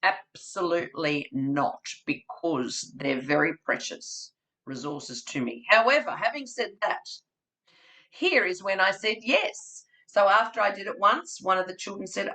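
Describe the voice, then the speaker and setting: A woman's voice: medium pitch, lively intonation, measured pace, bright, forceful tone, poor audio. A woman presenting a webinar for childcare educators, demonstrating storytelling with props and acting out story voices and sounds. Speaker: webinar presenter for family day care educators.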